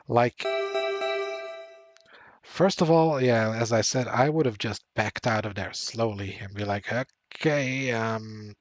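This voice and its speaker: Male streamer, unhurried casual commentary over faint music, rambling and filler-heavy. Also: fairly low pitch. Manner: thinks aloud, reads game text, frequent fillers and laughs. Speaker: game streamer.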